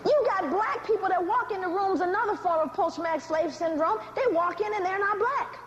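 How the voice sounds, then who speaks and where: A woman giving a public lecture with animated, dramatic storytelling and direct asides to the audience. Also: extremely high pitch, fairly quick, echoey room, dull audio, a little hiss or hum. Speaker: speaker.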